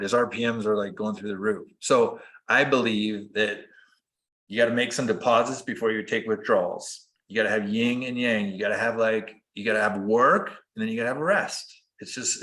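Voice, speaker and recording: A man telling personal stories as a guest in a casual conversation, earnest and animated. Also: on the low side, normal speed. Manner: earnest, animated, acts out quoted dialogue. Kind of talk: conversational storytelling.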